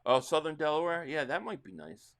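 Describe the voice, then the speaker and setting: Reacting live to a football game, a middle-aged man with a New Jersey accent chats loosely with his stream's viewers and reads their messages. His voice is on the high side and brisk, and he breaks into excited play calls as the action unfolds.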